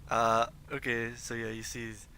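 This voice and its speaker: A man narrates a tabletop game as dungeon master, talking casually with swearing and lots of fillers. His mid-range voice is monotone and sharp at a moderate pace, picked up by a streaming desk mic with slight background noise.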